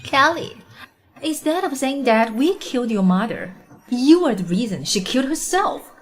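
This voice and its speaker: A woman's voice: sits high, sing-song, moderate pace. A woman voicing a cruel, spoiled young rich woman who taunts and mocks in a dubbed drama. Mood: gloating. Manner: taunting, mocking.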